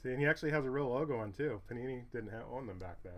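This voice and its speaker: A man's voice: medium pitch, animated, rapid-fire. A man hosting a card break, chatting casually and calling out each card between stories. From Southern California. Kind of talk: casual chat while opening cards.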